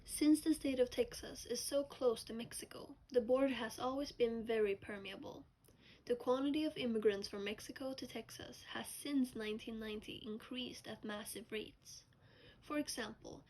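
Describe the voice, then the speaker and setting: Soft-spoken young woman reading notes. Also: on the high side, poor audio. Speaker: student presenter. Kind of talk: reading a school presentation.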